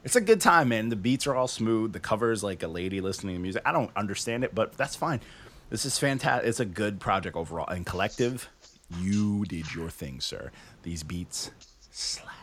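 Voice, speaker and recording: A man's voice: lowish voice, lively intonation, fast, fairly bright tone. A man hosting a casual talk show, reviewing music in a loose, joking way with plenty of swearing. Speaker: podcast host reviewing music. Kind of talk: casual chat.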